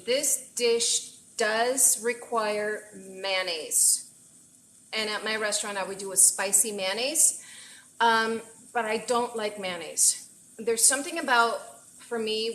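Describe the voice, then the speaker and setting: Bright, gushing woman cooking live. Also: medium pitch, echoey room. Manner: gushing, exclaims often, mixes in Spanish phrases. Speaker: chef streaming a cooking session. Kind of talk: casual livestream cooking chat. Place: home kitchen.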